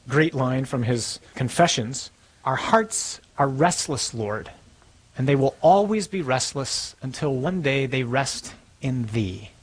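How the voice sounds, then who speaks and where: A man giving a sermon in a conversational, storytelling way, slowing down for dramatic moments. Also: medium pitch, slightly rough, low-quality recording. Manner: conversational preaching, storytelling with slow dramatic pauses.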